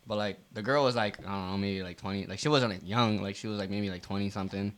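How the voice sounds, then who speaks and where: A man co-hosting a podcast, telling a profane, animated story about his restaurant job with lots of fillers. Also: on the low side, fast. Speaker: podcast co-host. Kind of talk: casual storytelling rant.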